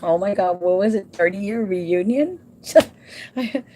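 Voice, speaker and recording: A woman in her forties from Southern California hosts a livestream, speaking slowly in a warm, mid-range voice over slight hiss or hum. She chats casually with viewers by name and explains timesheets in a folksy, instructional way, sometimes switching into Spanish.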